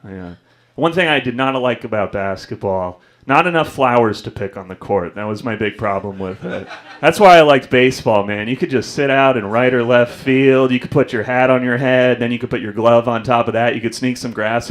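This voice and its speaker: A man's voice: mid-range voice, brisk. A young man doing a stand-up comedy set on a club stage, telling self-deprecating stories and acting out the people in them. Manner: self-deprecating storytelling, acts out voices.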